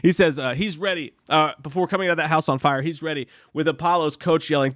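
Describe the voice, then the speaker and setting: A man's voice: fairly high pitch, lively intonation, quick pace, hardly any pauses, a bit bright, dry recording, clean studio sound. A man co-hosting a casual live stream, rambling and swearing as he reads viewer comments. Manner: profane, rambling, lots of restarts. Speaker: podcast co-host reading live chat.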